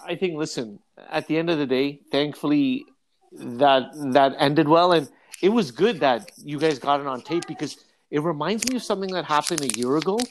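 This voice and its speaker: A man's voice: fairly high pitch, slight background noise. A man, a comedian, telling jokey stories in a casual chat with a friend, full of restarts and asides. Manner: animated, jokey, frequent restarts.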